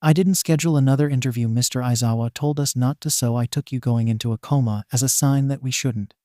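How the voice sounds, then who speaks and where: Man reading as a calm caring young man. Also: mid-range voice, fast, dry recording, studio quality, lightly acted. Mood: explaining.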